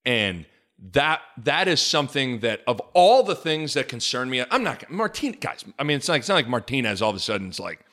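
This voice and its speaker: A man hosting a casual sports podcast, animated and joking, with rambling asides. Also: mid-range voice, brisk. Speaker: podcast host.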